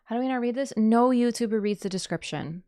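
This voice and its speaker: A woman YouTuber giving excited, rambling reaction commentary, swinging between loud gushing and hushed murmurs. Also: on the high side, quick pace. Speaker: YouTuber reacting to a game trailer.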